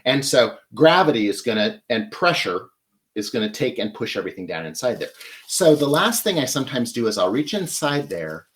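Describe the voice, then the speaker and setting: A man hosts a live flower-arranging lesson in an easy, chatty way. He sounds enthusiastic and keeps up a running commentary while he works with his hands. His voice sits at an ordinary male pitch, close to a clip-on mic. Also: very animated, moderate pace, a bit bright, a little hiss or hum. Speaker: florist host.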